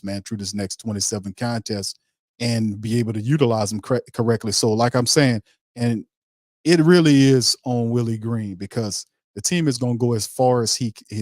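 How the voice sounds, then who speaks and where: A man's voice: medium pitch, a little fast, a little mellow, dry recording. Male podcast host, mid-range voice, slangy and emphatic, dry close mic. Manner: loose, emphatic, slangy delivery with many restarts. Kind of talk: casual sports talk show.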